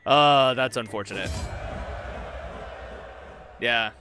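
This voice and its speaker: Young male streamer, bright edgy tone, hotheaded, cusses, faint music behind. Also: mid-range voice, takes it slowly, some chatter behind. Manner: excitable, swears when frustrated. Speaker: game streamer. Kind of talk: live gameplay commentary.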